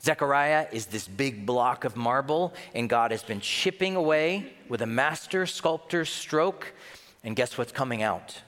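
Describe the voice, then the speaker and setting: A man's voice: mid-range voice, animated, measured pace, a bit bright. Emphatic preaching man, reverberant hall. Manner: emphatic, with rhetorical questions. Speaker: pastor. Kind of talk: sermon.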